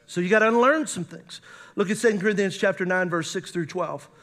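A man's voice: high-pitched, fairly quick, a bit bright. A man, a pastor, preaching a sermon with emphatic rises and reading scripture aloud.

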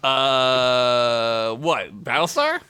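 A man's voice: medium pitch, sharp tone, slight background noise. A man co-hosting a casual podcast, riffing with crude jokes and frequent laughter. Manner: crude, laughing, quick to riff. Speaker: podcast co-host. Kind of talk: casual chat recapping a TV episode.

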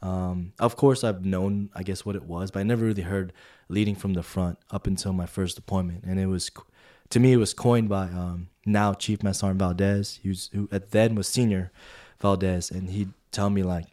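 Deep voice, man, casual podcast chat, storytelling. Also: normal speed. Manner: storytelling, animated when quoting. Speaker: podcast co-host.

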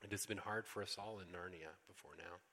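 A preacher voicing a wise male lion who speaks in a calm, grave, measured way. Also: low-pitched. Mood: solemn. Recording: echoey hall.

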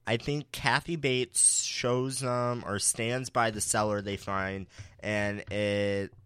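A man's voice: on the low side, little pitch movement, slow, a bit bright, smooth, no echo, clean studio sound. A young man co-hosting a podcast, recapping a show in casual chat with sassy asides and frequent laughs. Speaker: podcast co-host.

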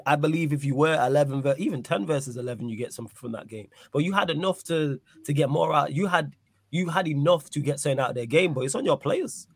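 A man's voice: fairly high pitch, dry recording. A man on a football live stream who argues his point firmly and asks and answers his own questions. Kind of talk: casual debate.

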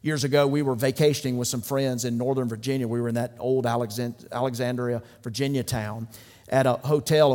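A man's voice: mid-range voice, darkish tone. A man preaching a sermon as pastor, building his points through rhythmic repetition and rising intensity. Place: church sanctuary. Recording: long reverb of a large hall.

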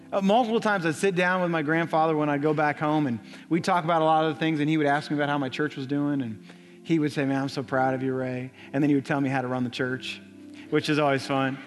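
A young adult man preaching a sermon in a church, telling a story with earnest repetition. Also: fairly high pitch. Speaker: pastor. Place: church sanctuary. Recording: long church reverb, soft music.

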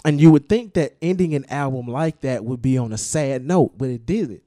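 A man's voice: medium pitch, moderate pace, warm tone, no echo, studio quality. A man hosting a casual podcast and explaining at length, with restarts and emphatic repetition. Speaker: podcast host discussing music.

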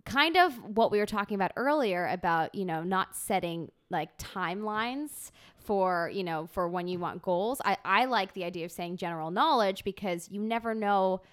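Lively, bubbly woman podcast host. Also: mid-range voice, moderate pace, few pauses, clean tone. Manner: bubbly, gushing, says "like" a lot. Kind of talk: casual podcast chat.

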